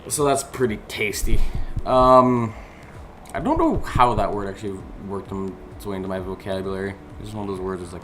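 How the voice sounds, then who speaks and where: A young man with a lowish voice rambles loosely over a speed drawing, full of fillers and offhand swearing. He talks into a desk mic at home, with music playing behind him. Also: lively intonation, a little fast, a bit bright. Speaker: artist narrating his speed drawing. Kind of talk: casual rambling voice-over commentary. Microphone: desk microphone, recorded separately over the video. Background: background music.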